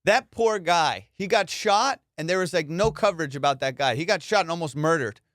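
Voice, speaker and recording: Rambling profane comedian, higher voice. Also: male voice, fairly quick, a bit bright, no echo, studio quality. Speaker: comedian podcast host. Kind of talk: casual comedic banter.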